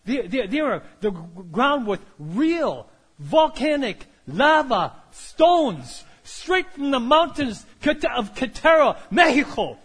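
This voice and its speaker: A man voicing an eager woman handing out store samples, giving a pushy, breathless sales pitch. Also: big pitch swings, slow pace, a bit bright, husky, long reverb tail, heavily acted.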